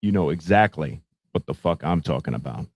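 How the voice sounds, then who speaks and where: A man's voice: rumbling low, expressive, fairly quick, a little mellow, dry recording, highs cut off. A man hosting his own show, ranting about politics with profane, sarcastic commentary. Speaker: radio show host.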